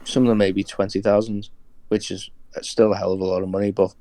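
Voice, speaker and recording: A man's voice: fairly low pitch, little pitch movement, fast talker, warm tone. A man chatting casually as a podcast guest, hesitant, with many ums and restarts. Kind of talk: casual chat.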